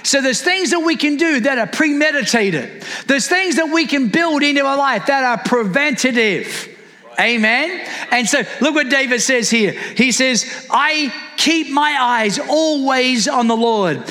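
A man's voice: very high-pitched, lively intonation, normal speed, sharp tone, big-room sound. A man preaching a sermon as a pastor, calling out to the congregation with rising fervor.

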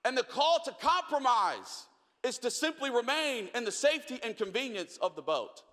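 Bright-voiced man preaching in a reverberant hall. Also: very high voice, normal speed. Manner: animated storyteller, acts out voices, drops to quiet questions. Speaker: pastor. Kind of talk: sermon with storytelling. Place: large church hall.

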